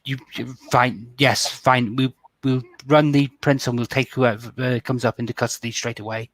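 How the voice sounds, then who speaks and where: A man voicing a nervous male security official in a tabletop role-play, reporting in halting, stammering sentences. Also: mid-range voice, little pitch movement, a bit bright, dry recording, close to an everyday voice, rough recording. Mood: dutiful.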